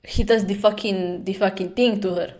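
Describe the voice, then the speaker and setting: A woman's voice: medium pitch, steady tone, a little mellow. A woman commenting on a webtoon in a sarcastic, swearing reaction style, acting out the characters' lines. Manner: plays every character in quick put-on voices.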